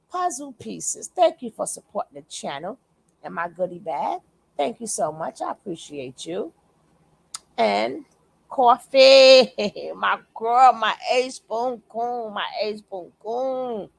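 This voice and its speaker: Slow-talking gravelly woman streamer. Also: mid-range voice, no room sound. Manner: chatty, greets viewers warmly by name. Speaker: reaction channel host. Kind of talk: casual livestream commentary.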